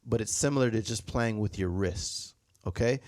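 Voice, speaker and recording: A drum instructor with a fairly low, slightly mellow voice speaks at normal speed in a clean, echo-free studio recording. He demonstrates technique over snare drum playing, patiently repeating points and singing rhythms as "da, da."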